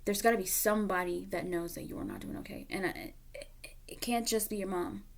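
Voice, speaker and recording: A woman's voice: mid-range voice, big pitch swings, a little fast, vocal fry. A woman giving a casual tarot reading to camera, candid and emotional, dropping at times into a near whisper. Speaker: tarot reader.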